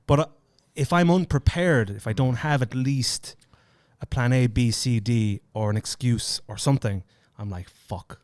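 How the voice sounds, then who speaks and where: An Irish man co-hosting a podcast, chatting casually, swearing freely and telling stories with lively put-on voices. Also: mid-range voice, normal speed, no echo. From Ireland. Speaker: podcast co-host. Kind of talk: casual chat.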